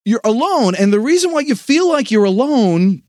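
A man hosting a sales podcast, delivering an energetic motivational pep talk with dramatic pauses. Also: extremely high pitch, dry recording, studio quality. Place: home studio.

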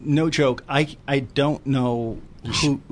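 A man's voice: medium pitch, fairly even intonation, slow. A man co-hosting a podcast, joking crudely and teasing the others in casual chat.

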